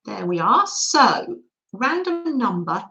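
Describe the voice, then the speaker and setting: A woman hosting a craft livestream from her dining room table, chatting warmly and reading out names from the chat. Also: medium pitch, sing-song, slow pace, reverberant, low-quality recording. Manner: chatty, affectionate, reads chat names aloud.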